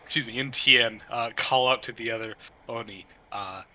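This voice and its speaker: A man running a tabletop game as game master, narrating in a halting way, full of fillers and restarts. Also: medium pitch, pushed and bright.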